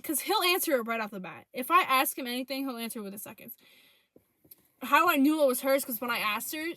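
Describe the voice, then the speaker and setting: A young woman casually retelling a breakup through text messages, profane and animated. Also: sits high, no echo. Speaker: storyteller. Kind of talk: casual storytime vlog.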